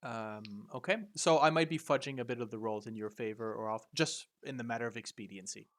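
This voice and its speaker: A man's voice: medium pitch, a little fast, fairly bright tone. A man running a tabletop game over a video call, explaining the rules in a hesitant way, with many fillers and restarts. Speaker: game master.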